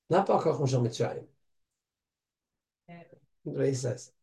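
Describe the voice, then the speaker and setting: A man's voice: fairly high pitch, unhurried, long pauses. A man sharing a Torah insight in a casual study group, asking rhetorical questions and quoting Hebrew sources. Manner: animated, rhetorical questions, mixes Hebrew and Yiddish terms.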